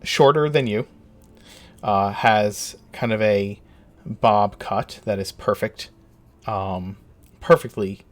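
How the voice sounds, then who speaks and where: A man's voice: fairly low pitch, steady tone, slow, long pauses. A man running a tabletop game as dungeon master, narrating hesitantly with many ums and uhs.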